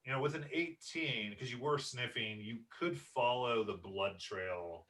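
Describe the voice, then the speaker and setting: A man narrating a tabletop game as game master, halting and full of ums and repeated words. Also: medium pitch, a bit bright, distant mic.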